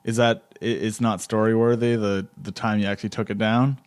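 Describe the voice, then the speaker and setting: A man's voice: on the low side, little pitch movement, a little fast. A man hosting an improvised comedy podcast interview, rambling and stammering, often cracking up. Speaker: podcast host.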